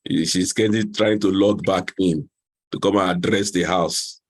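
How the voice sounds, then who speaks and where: A low-voiced man runs an online class on marriage. He teases the participants, laughs easily and repeats his points to drive them home. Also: fairly even intonation, measured pace. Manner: laughs often, teasing, repeats phrases.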